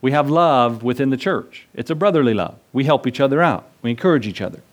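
A man's voice: medium pitch, expressive, fast. A man preaching a sermon as pastor, talking in a conversational way with jokes, rhetorical questions and key words drawn out for emphasis.

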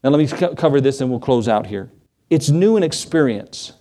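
A middle-aged male pastor preaching a sermon, swinging his pitch and pace as he acts out Bible scenes. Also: lively intonation, fairly quick, dark tone.

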